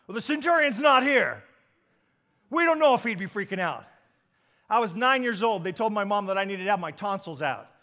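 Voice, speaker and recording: A male pastor delivers a sermon through lively storytelling. His voice sits unusually high for a man, swinging between loud emphatic bursts and quiet asides. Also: normal speed.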